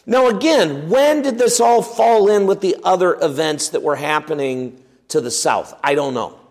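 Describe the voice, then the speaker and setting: A man's voice: sits high, animated, normal speed, in a large hall. A man preaching a sermon in a conversational teaching way, asking his listeners questions and often restarting with fillers and repeated words. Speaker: pastor.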